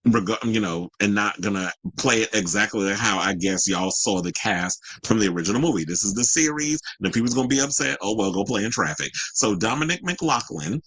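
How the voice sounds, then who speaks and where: A man's voice: lowish voice, expressive, brisk, few pauses, fairly bright tone, no room sound, rough recording. A young adult man hosting an entertainment news show, giving sassy, chatty pop-culture commentary with slang asides.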